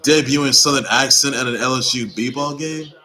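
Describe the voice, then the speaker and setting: A man's voice: mid-range voice, steady tone, normal speed, pushed and bright, poor audio. A man hosting his own sports report, talking casually and rambling, repeating himself and urging teams on with emphatic exhortations. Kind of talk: casual sports news commentary.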